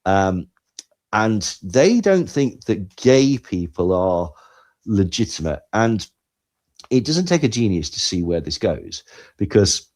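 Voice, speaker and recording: A man co-hosting a podcast, talking in animated, sarcastic commentary that swings between loud and quiet. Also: on the low side, takes it slowly. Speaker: podcast co-host. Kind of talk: casual commentary chat.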